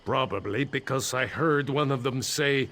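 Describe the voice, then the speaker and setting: A man's voice: medium pitch, moderate pace, a bit bright, natural voice. A man playing a nervous, wry mine foreman. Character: anxious male mine foreman, dry humor. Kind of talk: video game voice acting.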